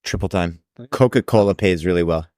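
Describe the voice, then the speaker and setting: A man's voice: deep voice, a little fast, a little mellow, dry recording, clean studio sound. A man co-hosting a podcast, laid-back and slangy in casual chat. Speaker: podcast co-host.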